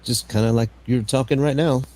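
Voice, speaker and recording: A man's voice: mid-range voice, fairly even intonation, a little fast, a little mellow, a little hiss or hum. A man from the southern United States chatting casually, joking and swearing, often repeating his words. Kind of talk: casual chat.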